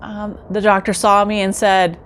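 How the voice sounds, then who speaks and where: A woman's voice: medium pitch, little pitch movement, moderate pace, a bit bright. A middle-aged woman telling her own story in a casual vlog, chatty and talking straight to her viewers. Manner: chatty, addresses viewers directly, acts out quoted remarks.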